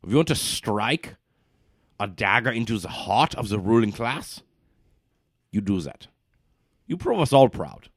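A low-voiced man gives sweeping, lecturing speeches in character at a tabletop game. His pitch swings widely as he preaches. The sound is dry and close. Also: big pitch swings, unhurried, pauses often, husky, dry recording. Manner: grandiose, lecturing revolutionary speeches. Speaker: player. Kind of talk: in-character tabletop role-play.

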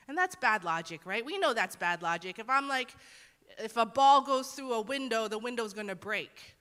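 A woman's voice: a little high, expressive, moderate pace, a bit bright. A young woman teaching a Bible lesson in a casual, earnest way, acting out the quotes she tells. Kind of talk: conversational sermon. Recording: long hall reverb.

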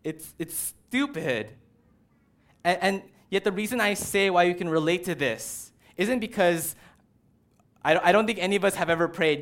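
A male preacher talks through a sermon in a casual, conversational way, animated and chatty. His voice sits a little high for a man. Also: normal speed. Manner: casual, animated, uses "like" and "right".

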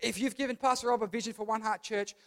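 A man's voice: high-pitched, fairly even intonation, fast talker, a bit bright. A man preaching a youth sermon, emphatic, repeating his phrases and asking the crowd to respond. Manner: talks to the crowd, asks them to repeat. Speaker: youth pastor.

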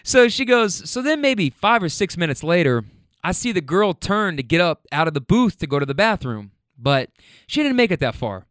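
A man's voice: sits high, moderate pace, no room sound, clean studio sound. A man telling wild stories from his restaurant serving job in a blunt, profane, casual way, riding in a car. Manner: animated, blunt and profane, laughing at own stories. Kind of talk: casual storytelling. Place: inside a car on a ride home.

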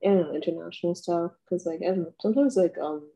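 A woman interviewing a friend in a relaxed, encouraging way and laughing often. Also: lowish voice, fast talker. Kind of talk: casual interview chat.

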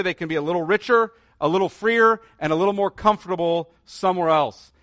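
A man preaches a sermon in a fairly high voice. He is earnest and builds to emphatic declarations. The sound is dry and close. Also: a bit bright, dry recording. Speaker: pastor.

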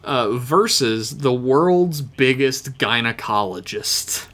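A man co-hosting a podcast, reading listener emails with deadpan, profane jokes. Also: mid-range voice, takes it slowly. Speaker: podcast co-host.

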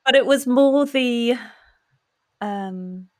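A woman's voice: a little high, drawn-out words, darkish tone. A woman in her forties, talking reflectively and candidly in a podcast conversation.

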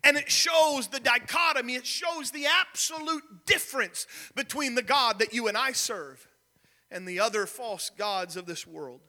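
A young man preaching a sermon, telling a story with shouted peaks and sudden soft drops. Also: very high voice, measured pace, long reverb tail. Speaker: pastor.

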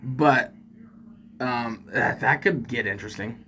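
A man's voice: medium pitch, takes it slowly, bright, forceful tone, a little hiss or hum. A man co-hosting a podcast in playful, goofy banter. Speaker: podcast co-host.

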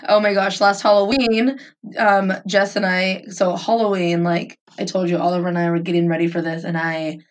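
A woman's voice: lowish voice, little pitch movement, normal speed, distant mic. A young adult woman co-hosting a casual chat, rambling with lots of fillers and frequent giggles.

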